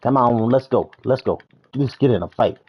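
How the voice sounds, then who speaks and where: A man's voice: mid-range voice, moderate pace, breathy edge. A man from Canada streaming a game, playfully chatting, humming and taunting to himself. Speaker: live streamer. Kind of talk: casual gameplay commentary. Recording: dull lo-fi sound.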